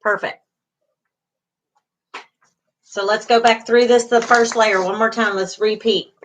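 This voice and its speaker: A woman's voice: a little high, fairly even intonation, slow pace, slight background noise, rough recording. A middle-aged woman instructing a class, going over material patiently, repeating key terms and reassuring her students, with frequent fillers. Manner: repetitive, reassuring teaching with fillers. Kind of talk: online class lecture.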